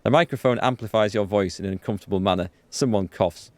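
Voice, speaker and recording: A man's voice: fairly low pitch, fast, darkish tone, dry recording. A man hosting a let's play, reading game text aloud and commenting casually with frequent chuckles.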